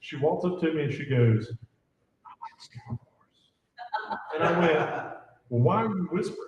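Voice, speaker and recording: Man, convention panelist, rambling storyteller, fairly high voice, distant mic in an echoey room. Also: fairly quick, muffled recording. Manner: lively, rambling storyteller with many fillers.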